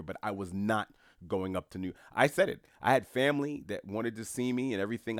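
A man's voice: sits low, no echo, clean studio sound. A man from New York delivering an opinionated solo monologue, talking emphatically and scornfully, repeating his points and often restarting his sentences. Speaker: commentator.

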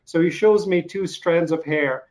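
A man in his forties from eastern Ukraine, with a slight Russian accent, hosting an interview and telling stories in an unhurried way with many pauses. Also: fairly high pitch, darkish tone, rough recording. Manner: unhurried storytelling with frequent pauses and fillers. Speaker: podcast host. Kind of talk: casual interview chat.

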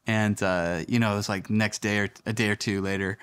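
A young adult man preaching a sermon, telling stories in a relaxed, conversational way and acting out quotes. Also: lowish voice, a little fast, smooth. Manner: conversational storytelling with acted quotes. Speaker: pastor.

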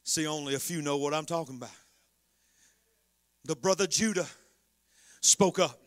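A man preaching a sermon in a singsong cadence, swinging between soft whispers and shouted call-and-response. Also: on the high side, normal speed, dry recording, clean studio sound.

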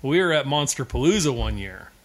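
A man's voice: medium pitch, fairly quick. A middle-aged man telling stories in casual chat, profane and laughing often. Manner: profane, animated, laughing storyteller. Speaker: podcast co-host.

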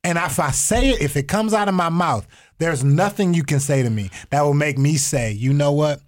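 A man's voice: fairly high pitch, normal speed. A man, a comedian, talking emphatically and insistently in casual podcast banter. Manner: emphatic, talks over others.

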